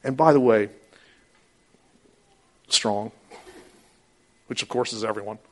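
A man preaching a sermon as pastor, talking animatedly and acting out quoted voices with sudden high outbursts. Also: takes it slowly.

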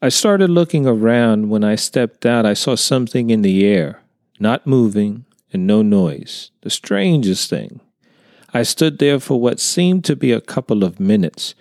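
A man's voice: lowish voice, a little mellow, dry recording, studio quality. A man voicing an earnest young contractor who tells his story hesitantly in a storybook reading. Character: earnest younger male contractor, unsettled by a sighting.

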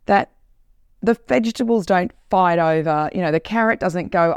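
A woman who is a corporate trainer and podcast host, telling a story in an animated, emphatic way in a casual monologue. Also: on the low side, moderate pace, smooth, no echo.

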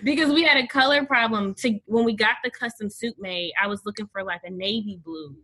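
A woman, a recent bride, telling her story in a relaxed, chatty way. She laughs easily. Her voice sits at an ordinary pitch. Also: a little fast. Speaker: interview guest, bride. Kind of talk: casual conversation.

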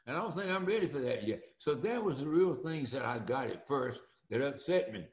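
An older man, telling stories in a folksy, animated way as an interview guest. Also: mid-range voice, a little fast, roomy sound, dull audio. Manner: folksy and animated, acts out quoted voices. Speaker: interview guest, former speaker and coach. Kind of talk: storytelling interview.

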